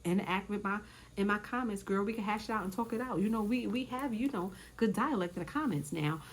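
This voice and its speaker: Woman, casual recap vlog, chatty, animated, repeats lines, mid pitch. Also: fairly quick, a little hiss or hum. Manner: chatty, animated, says "child" often, repeats lines for emphasis. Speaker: reality show recap YouTuber. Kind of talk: casual episode recap and commentary.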